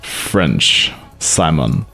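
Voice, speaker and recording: A man with a deep, low voice runs a casual live-stream demo of his own software. He rambles and laughs often. Faint music plays behind him. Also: expressive, extremely slow, vocal fry. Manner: chatty, laughs a lot, loose and rambling.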